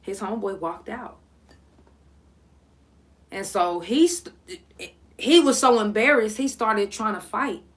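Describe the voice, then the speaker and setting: A young woman hosting a podcast, telling a story in blunt, profane, animated casual talk. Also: mid-range voice, takes it slowly, long pauses. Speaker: podcast host.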